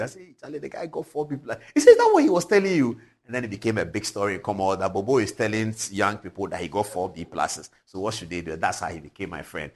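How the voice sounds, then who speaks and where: A man in his forties with a Ghanaian English accent, hosting a TV show, telling stories with animated energy and frequent chuckles. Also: medium pitch, fast talker, husky. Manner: animated, chuckling, swings from loud to hushed. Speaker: TV show host. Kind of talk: lively commentary and storytelling. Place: TV studio.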